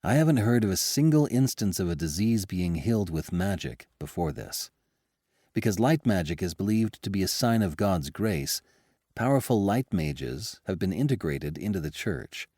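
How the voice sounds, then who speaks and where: A man voicing a calm, grave male royal advisor who speaks quietly and deliberately. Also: sits low, no echo, studio quality.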